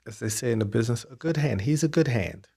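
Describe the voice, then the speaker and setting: A man's voice: medium pitch, animated, quick pace, vocal fry, dark tone, breathy edge. A man co-hosting a podcast, chatting casually about wrestling with lots of restarts and fillers. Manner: rambling, many restarts and fillers. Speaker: podcast co-host.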